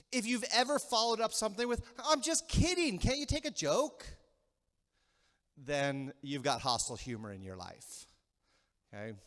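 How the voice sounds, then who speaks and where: A man delivering a sermon in a church sanctuary, his voice pitched high and swinging widely as he acts out small quarrels. He keeps checking in with the congregation as he goes. A long reverb from the hall trails behind him. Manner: animated, acts out quick mock quarrels, asks the crowd "okay?". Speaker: pastor.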